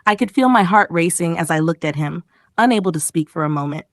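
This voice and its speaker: A woman's voice: animated, brisk, no room sound. Female narrator for a language lesson, reads emotional vignettes with acted dialogue, dry studio sound. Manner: reads paragraph titles, then acts out quoted lines with raised pitch. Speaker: English lesson reader. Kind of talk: expressive story reading.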